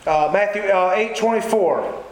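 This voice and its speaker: A man preaching a sermon in a folksy, conversational way with quick asides. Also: high-pitched. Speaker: pastor. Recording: very echoey church hall, faint room noise.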